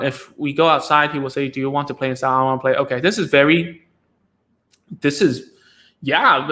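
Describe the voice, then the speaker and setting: A man with a slightly raised pitch hosts a casual live stream, answering parents' questions about speech therapy. He talks loosely, restarting sentences and checking in with "right?" and "okay?" after each point. He sounds like he is at a desk mic indoors. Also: a bit bright.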